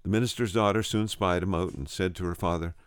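A man's voice: fairly even intonation, fast, smooth, no room sound. A man retelling a revival story, stumbling and repeating words now and then. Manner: voices quoted speakers with raised pitch.

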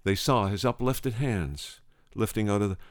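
Smooth low-voiced preacher telling a story. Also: male voice, moderate pace, no echo, clean studio sound. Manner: earnest, restarts phrases, repeats for emphasis. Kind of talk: sermon storytelling.

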